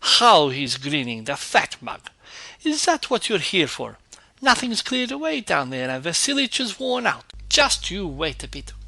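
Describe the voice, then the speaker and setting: A man voicing a brisk, scolding old woman housekeeper in a storybook reading, pushing his voice high and sharp. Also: sing-song, vocal fry, dry recording, exaggerated voice.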